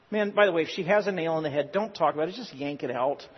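A man's voice: a little high, fast, slight background noise. A man preaching a sermon in an earnest, exhorting way with joking asides. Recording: reverberant hall, dull lo-fi sound.

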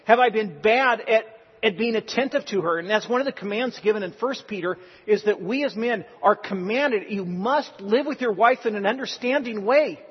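A man's voice: high-pitched, normal speed, hardly any pauses, husky. A man preaching a sermon in an earnest, exhorting way with joking asides. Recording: reverberant hall, dull lo-fi sound.

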